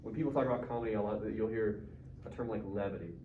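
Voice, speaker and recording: Speaking fast in a lowish voice, a male high school English teacher leads a joking, casual class discussion and quizzes his students. The recording is taken from far off in a roomy classroom and sounds dull, with faint background noise.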